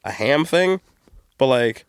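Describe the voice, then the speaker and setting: A man's voice: medium pitch, animated, slow pace, smooth, no room sound, clean studio sound. Crude joking male podcast host. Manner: joking, crude, rambling, puts on silly voices. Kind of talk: casual chat.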